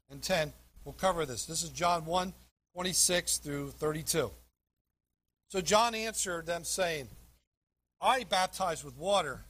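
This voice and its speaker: A man preaching a sermon, reading scripture and explaining it with emphasis, clearing his throat now and then. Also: high voice, pushed and bright. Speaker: pastor.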